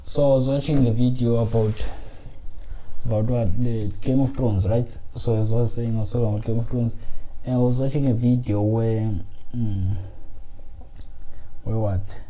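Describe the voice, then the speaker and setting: Man, very dark voice, casual solo podcast, frustrated, rambling, phone mic. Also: mid-range voice, steady tone, moderate pace, poor audio. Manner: frustrated, swearing, rambling with restarts. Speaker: podcast host. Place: small room, indoors.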